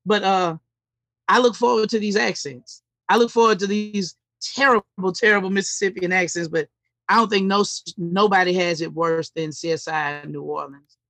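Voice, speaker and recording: A man's voice: high voice, steady tone, normal speed, bright, forceful tone, dry recording. Podcast guy chatting, jokey and rambly, dry close mic. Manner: joking, rambling with fillers. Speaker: podcast co-host. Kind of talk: casual chat.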